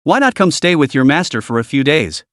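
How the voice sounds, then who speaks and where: A man voicing a gentle old opera master. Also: on the high side, very animated, no room sound, studio quality. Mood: gently pitying. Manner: slow, kindly, soothing. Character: gentle, weary elderly male opera master.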